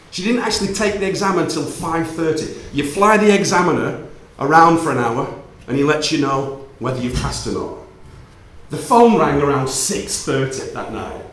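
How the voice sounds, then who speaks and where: A man telling a personal story to an audience, playful and animated, acting out the dialogue. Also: fairly high pitch. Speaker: speaker giving a talk. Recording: roomy hall reverb.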